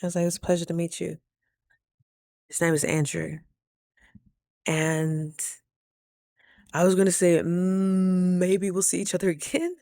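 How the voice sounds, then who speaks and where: A woman talks straight to camera in a casual vlog, spinning a story with playful, expressive flair. Her voice carries a gravelly, fry-edged texture, and the sound is close and dry with no room ring. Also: on the low side, unhurried, long pauses, dry recording. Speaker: vlogger.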